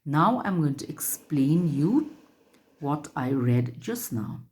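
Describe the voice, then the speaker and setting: A woman teacher reading a story aloud to children and explaining it in a slow, careful, instructive way. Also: low-pitched, very animated, a little mellow.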